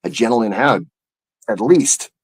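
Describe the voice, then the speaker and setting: A man's voice: on the low side, lively intonation, unhurried, slightly rough. A man who has joined a livestream as a guest over a remote call, chatting in a rambling, joking way. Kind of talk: casual livestream chat.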